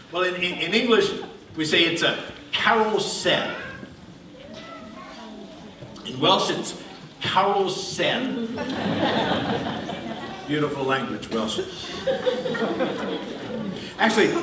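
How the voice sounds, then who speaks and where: An older man performing a live stage show, chatting and joking with the audience and laughing often. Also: a little high. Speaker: bubble performer. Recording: echoey hall from far off, crowd audible.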